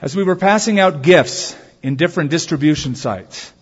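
A man pastor preaching a sermon, telling stories with drawn-out emphatic phrases. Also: a little high, slightly rough. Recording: dull sound in a reverberant hall.

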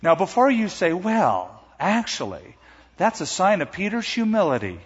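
A pastor preaching a sermon, animated, acting out the voices he quotes. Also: high voice, normal speed, slightly rough, long reverb tail, dull audio.

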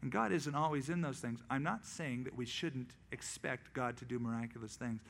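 A male pastor preaching a sermon, acting out quoted voices in lively storytelling. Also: medium pitch, moderate pace, vocal fry.

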